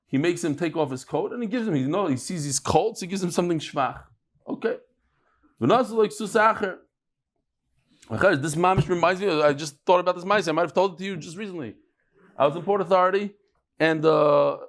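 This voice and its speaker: Animated man teaching Talmud. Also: on the high side. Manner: animated storytelling, mixing English with Hebrew and Yiddish terms. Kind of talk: lively Talmud class lecture.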